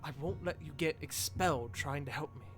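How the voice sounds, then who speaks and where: A man's voice: on the high side, moderate pace, fairly bright tone, lightly acted. Man playing a desperate young student mage, strained, pleading, music bed behind. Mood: earnest.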